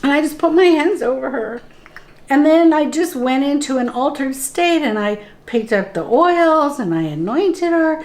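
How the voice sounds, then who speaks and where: A middle-aged woman who works as a spiritual guide speaks as an interview guest, her voice high, expressive and somewhat dark in tone. She tells her own story slowly and earnestly, replaying the dialogue in the moment as she acts it out.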